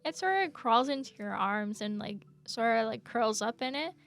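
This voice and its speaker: A woman's voice: on the high side, lively intonation, normal speed, gravelly. Hesitant young woman game master. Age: young adult. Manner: hesitant, lots of fillers. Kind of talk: narrating a tabletop game.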